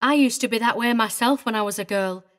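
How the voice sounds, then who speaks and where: A woman's voice: a little high, fast, a bit bright, lightly acted. A woman voicing a prim, tearful older female governess who speaks with fussy, indignant precision. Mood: earnest. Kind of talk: audiobook character reading.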